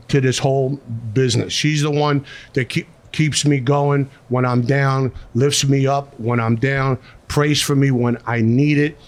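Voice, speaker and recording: A middle-aged man with a Philadelphia Italian-American accent, a restaurateur talking bluntly and emotionally in an interview, street-tough and repeating words when moved. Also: medium pitch. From South Philadelphia. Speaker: restaurateur guest. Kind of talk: emotional candid conversation.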